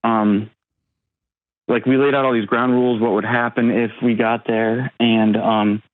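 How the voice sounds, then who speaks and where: A man in his thirties calling an advice show, talking haltingly with many pauses and ums. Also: medium pitch, level tone, dry recording. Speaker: caller. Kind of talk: call-in advice talk. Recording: tinny phone line.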